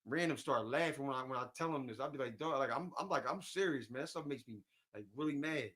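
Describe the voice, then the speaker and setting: A man's voice: medium pitch, fast talker, a bit bright. A man hosting a casual livestream, rambling and venting, often repeating himself and reading viewer comments aloud. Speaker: livestream host.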